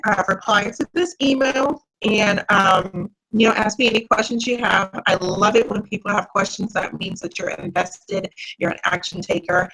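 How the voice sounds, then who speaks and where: A woman's voice: fairly high pitch, a bit bright, slight background noise, rough recording. A woman mindset coach leading a live online workshop, talking directly and encouragingly to her viewers. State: tired, yawning.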